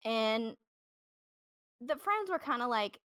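A woman's voice: a little high, animated, slow pace, fairly bright tone, smooth, no room sound, clean studio sound. A woman hosting a podcast, telling a true-crime story in a loose, chatty way with plenty of fillers and restarts. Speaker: podcast host. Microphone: podcast microphone.

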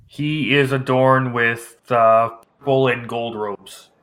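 A man's voice: mid-range voice, steady tone, slow pace, fairly bright tone. A man narrating casually as game master of a tabletop role-playing game. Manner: casual, improvised narration with restarts.

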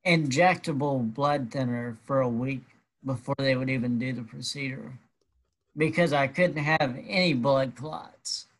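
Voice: mid-range voice, a little slow. A guest telling a personal story in a casual, wry and matter-of-fact way.

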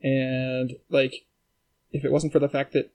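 A man's voice: medium pitch, level tone, measured pace, warm tone. A man co-hosting a comedy podcast, rambling and profane with lots of fillers in casual banter. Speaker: podcast co-host.

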